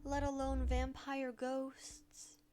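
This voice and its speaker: Slow dramatic lady vampire ghost, all gloomy and lonely, high-ish voice, a woman doing it. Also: monotone, over music. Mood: mournful. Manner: slow, wistful, theatrical. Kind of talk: reading a game's dialogue aloud.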